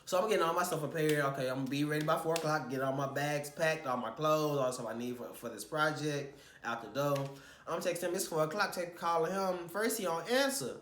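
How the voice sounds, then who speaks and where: A man's voice: on the high side, brisk, echoey room, a little hiss or hum. A young man telling a casual vlog story about a stressful shoot, rambling and swearing as he recounts his frustrations. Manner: rambling, animated, swears when retelling frustrations.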